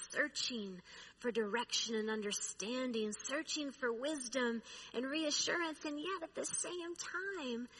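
A woman preaching, telling a personal story in a slow, reflective way. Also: sits high, bright, forceful tone, breathy edge, rough recording.

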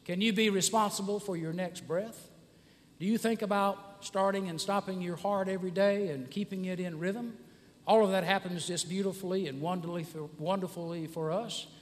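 Man, 60s, pastor giving a sermon, high-pitched, rambling and filler-heavy, in a church with long reverb. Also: fairly even intonation, normal speed. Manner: conversational, frequent "uh" fillers and restarts.

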